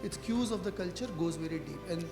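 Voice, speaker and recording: A man's voice: sits high, fairly quick, creaky. A man with an Indian English accent speaking as a marketing panelist at a conference, talking in a conversational way with frequent tag questions. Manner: conversational, frequent fillers like "right?" and "you know". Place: conference hall. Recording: echoey hall with music.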